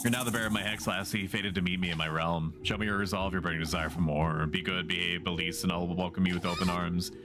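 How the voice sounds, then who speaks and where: A man's voice: deep voice, fairly even intonation, fast, hardly any pauses, voice pushed down, lightly acted. A man reading game dialogue aloud as a sly, teasing forest spirit, mildly theatrical. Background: game music.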